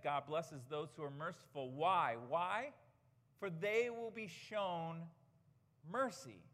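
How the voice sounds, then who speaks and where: A man's voice: on the high side, a bit bright. A man preaching a sermon as pastor, earnest and emphatic, asking rhetorical questions. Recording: church hall reverb.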